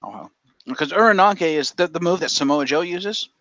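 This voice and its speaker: A man chats on a casual podcast, firing off quick, opinionated asides. He talks fast, and his slightly high voice swings up and down. The recording is dull, dry and lo-fi. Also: lively intonation, fairly bright tone, dry recording. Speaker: podcast co-host. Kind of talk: casual chat.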